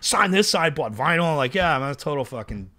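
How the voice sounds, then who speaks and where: A man telling animated, profane tour stories in a casual chat. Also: a little high, fairly quick. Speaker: guest musician.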